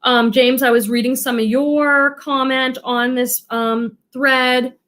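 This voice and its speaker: A woman's voice: high voice, fairly even intonation, slow pace, a bit bright. A woman who resells thrifted goods online, chatting casually on a livestream and reading viewer comments aloud.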